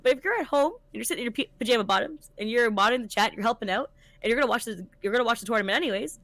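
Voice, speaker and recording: Fast-talking blunt woman podcast co-host. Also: fairly high pitch, no echo. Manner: blunt, animated, swears freely. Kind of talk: casual chat.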